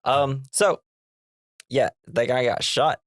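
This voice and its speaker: A man's voice: medium pitch, slow pace, fairly bright tone, no echo, clean studio sound. Casual man recapping a movie scene. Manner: retells scenes acting out characters' lines, laughing. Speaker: podcast co-host.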